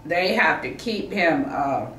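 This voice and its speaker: Older woman with a rambling, halting manner. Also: fairly low pitch, lively intonation, over a noisy crowd. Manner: rambling, halting, with frequent laughs. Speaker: mother chatting with a companion. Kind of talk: casual chat. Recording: roomy echo, distant from the mic, faint noise.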